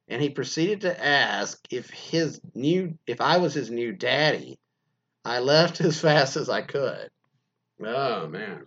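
A man's voice: medium pitch, fairly bright tone, slightly rough. Brief: male podcast host, crude rambling jokester, muffled lo-fi sound. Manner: crude, joking, rambling, laughs often. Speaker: podcast host reading anonymous stories. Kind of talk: casual comic commentary.

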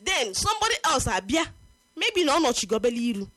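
A Nigerian woman co-hosting a casual chat, talking in an animated, indignant way. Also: high-pitched, rapid-fire, dry recording. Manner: animated, indignant, mixing languages.

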